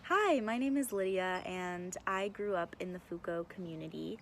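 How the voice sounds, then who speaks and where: A young woman with a slightly low voice introduces herself casually from her home. She sounds relaxed, with a dry, wry edge. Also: normal speed, a little hiss or hum. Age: young adult. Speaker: congregation member introducing herself.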